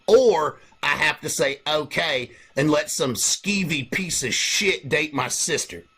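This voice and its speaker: Husky, profane man telling stories. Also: on the high side, slow. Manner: profane, animated storytelling. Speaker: podcast host. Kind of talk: casual comedic chat.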